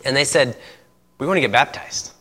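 Recorded in an echoey hall, this man delivers a sermon and testimony full of bright, forceful energy, his slightly rough, mid-range voice moving fairly quickly. Frequent laughter breaks in as he voices the other people in his tale, and the large space sends back a long echo.

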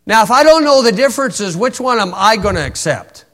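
A man's voice: sits high, sing-song, a little fast, fairly bright tone. A man preaching a sermon in a folksy, wry way, reciting old-style scripture and poking fun at opponents.

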